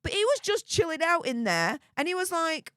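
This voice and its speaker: A young English woman hosting a live stream, rambling in a chatty, excitable way with plenty of fillers and mild cursing. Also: very high-pitched, moderate pace, no room sound, studio quality. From Yorkshire, England. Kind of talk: casual live stream chat.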